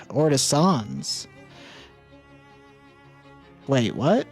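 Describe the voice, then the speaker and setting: A man streaming a game, reading its story text aloud as narration. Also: mid-range voice.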